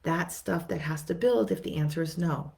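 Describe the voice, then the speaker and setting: A middle-aged woman therapist talks viewers through a lesson in a lowish, gravelly voice. She speaks conversationally, repeats and restarts her words, and briefly acts out what her clients say. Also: normal speed, a little mellow. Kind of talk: teaching talk to viewers.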